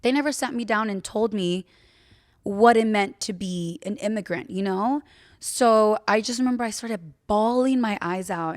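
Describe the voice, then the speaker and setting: A young woman hosting a podcast tells a personal story in a loose, chatty way, frank and filler-heavy with the occasional swear. Her middle-pitched voice moves at a moderate pace and sounds close and dry, with no room echo.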